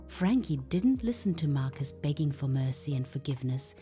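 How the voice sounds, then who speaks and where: A woman's voice: deep voice, moderate pace, hardly any pauses. A woman narrating a children's Bible story, reading aloud expressively. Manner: expressive, animated read-aloud. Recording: faint background music.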